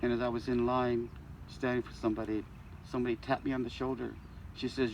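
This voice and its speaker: A man's voice: mid-range voice, flat delivery, fairly quick, a little hiss or hum. An older man giving a eulogy for a close friend at a church service, telling folksy stories and acting out the dialogue with humor. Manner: folksy and joking, acts out dialogue. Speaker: eulogy speaker, friend of the deceased. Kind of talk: storytelling eulogy.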